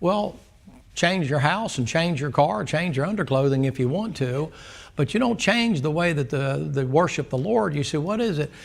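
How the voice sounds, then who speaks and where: Gravelly preacher guy, kinda high voice, chatty sunday school talk, keeps asking the room stuff. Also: expressive, moderate pace. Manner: folksy, storytelling, asks the class questions.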